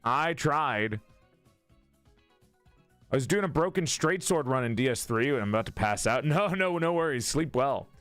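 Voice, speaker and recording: A chatty male streamer whose pitch swings widely as he laughs, swears and greets his chat. He runs one line over and over while drilling an accent. The sound is close and dry, with faint music playing underneath. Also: lively intonation, normal speed, pauses often, a bit bright, clean tone, dry recording. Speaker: live streamer. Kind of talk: casual live-stream chat.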